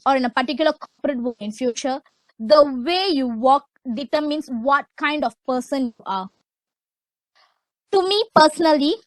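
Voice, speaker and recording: A young woman with a Malaysian English accent, giving a loud, emphatic motivational webinar talk. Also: high-pitched, no room sound, poor audio. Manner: loud, emphatic, repeats "okay". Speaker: webinar speaker.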